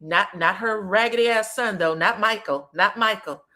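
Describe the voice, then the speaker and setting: Bright-voiced woman, blunt and profane. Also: medium pitch, moderate pace. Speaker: reality show commentator. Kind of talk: casual reaction recap.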